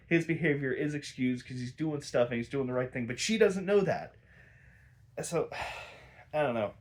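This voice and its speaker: A young man talks through a cartoon episode in a loose, rambling way at an ordinary mid pitch. He swears freely, sighs often and fills gaps with "um" and "like", sounding exasperated. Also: normal speed, pauses often. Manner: sighs a lot, frequent fillers. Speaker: episode reviewer. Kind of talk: casual review chat.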